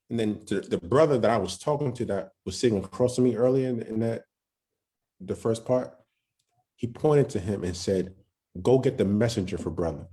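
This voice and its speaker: Deep, dark-voiced man telling a story. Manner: loose, halting, with many restarts and street slang. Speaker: podcast guest. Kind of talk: casual storytelling testimony.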